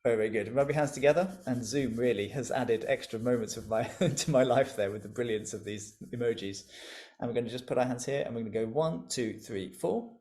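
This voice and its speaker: Over a video call, a man with a mid-range, darkish voice leads an interactive online music lesson, talking a little fast. He's encouraging and playful, laughing often as he guides the group through call-and-response.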